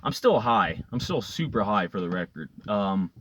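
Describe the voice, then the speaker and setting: A man's voice: on the low side, big pitch swings, normal speed, fairly bright tone. A man vlogging to his viewers, telling a long personal story in an earnest, rambling way with lots of fillers and repeated words. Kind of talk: casual storytelling to camera.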